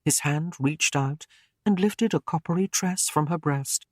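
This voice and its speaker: A man reading a historical romance audiobook in a measured, even narration. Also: a little high, no room sound, clean studio sound. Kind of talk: scripted narration.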